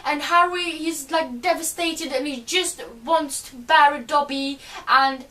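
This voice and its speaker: Bright-voiced woman gushing about books. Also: high voice, fairly even intonation, a little slow, hardly any pauses, far from the mic. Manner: rambling and gushing, lots of "like" and "you know". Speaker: book reviewer. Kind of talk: casual spoiler book talk.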